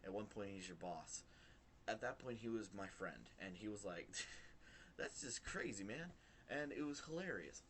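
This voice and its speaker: A young man vlogging, retelling a work story in a rambling, animated way with lots of fillers. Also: fairly low pitch, a little slow, slight background noise. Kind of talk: casual storytelling to camera.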